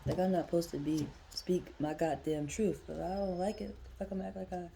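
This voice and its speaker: A woman's voice: on the low side, fairly even intonation, moderate pace, gravelly, background noise. A young woman reading tarot cards in a casual vlog, talking bluntly and swearing freely as she thinks aloud. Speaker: tarot reader.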